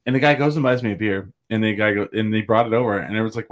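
A man's voice: lowish voice, racing. A man co-hosting a podcast, telling stories with jokes and lots of swearing in casual banter. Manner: profane, joking storyteller. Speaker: podcast co-host.

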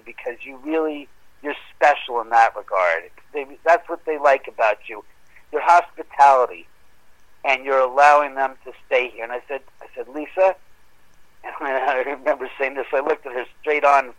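Animated man telling a ghost story. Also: rough recording. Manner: animated, acts out quoted dialogue with rising pitch. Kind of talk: casual storytelling on a podcast call.

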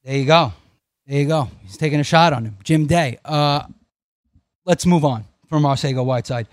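A man hosting a fantasy football panel, steering the talk with quick questions to his co-hosts. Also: a little high, dry recording, clean studio sound. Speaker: fantasy football show host. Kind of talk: casual sports chat.

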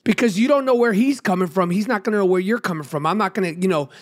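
A man's voice: high voice, fast. A man hosting a podcast in casual banter, blunt and profane, with a sore throat. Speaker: podcast host.

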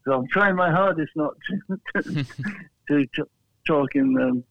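Heard over a tinny phone line, an English flag maker chats casually in an interview, his gravelly voice fairly high and his pace measured, with no echo. He tells rambling stories full of restarts and chuckles.

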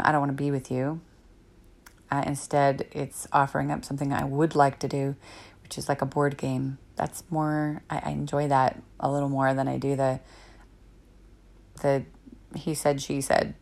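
Her voice is extremely low and darkish in tone, with vocal fry, as this woman in her thirties hosts a parenting podcast solo. The talk is casual, reflective, and rambling, with many fillers.

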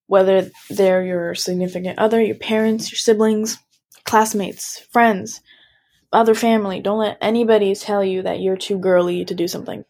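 A woman's voice: mid-range voice, a little mellow. Frank, emphatic teenage girl. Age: teens. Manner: frank, emphatic, filler-heavy. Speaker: interview guest. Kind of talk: casual interview talk.

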